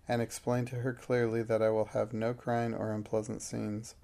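Cold, stern headmistress, a man reading her part; gravelly, level delivery. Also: fairly low pitch, flat delivery, normal speed, dark tone. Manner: harsh and commanding. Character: stern cold middle-aged female headmistress.

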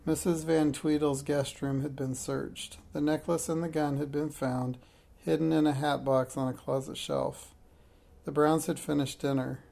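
Gravelly man reading a children's mystery. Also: mid-range voice. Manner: plain steady reading with slips and self-corrections. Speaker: reader.

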